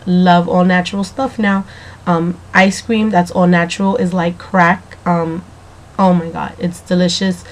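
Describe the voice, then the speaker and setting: A woman keeping a casual video diary, chatty and rambling, talking straight to the viewer, slightly hoarse from allergies. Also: on the low side, a little mellow.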